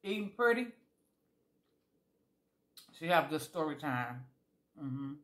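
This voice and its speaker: A woman with a bright, forceful voice talks casually to her viewers while tasting food. She chats freely and calls her audience y'all. Between bites she lets out contented, savoring hums. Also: sits low, very animated, takes it slowly. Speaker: food vlogger tasting jellies.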